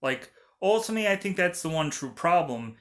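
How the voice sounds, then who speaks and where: A man's voice: on the high side, very animated, fairly quick. A man giving a casual, rambling movie review, full of fillers and frequent laughs. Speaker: film reviewer.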